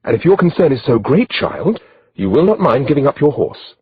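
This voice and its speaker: A man's voice: medium pitch, big pitch swings, moderate pace, breathy edge, no echo, pitched above the performer's own voice, exaggerated voice. A man voicing a haughty older noblewoman who is scornful and commanding, in a slightly dull lo-fi recording.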